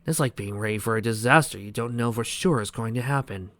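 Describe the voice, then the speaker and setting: A man's voice: mid-range voice, a little fast, close to an everyday voice. A man voicing a smug, scheming male mad scientist in a storybook reading.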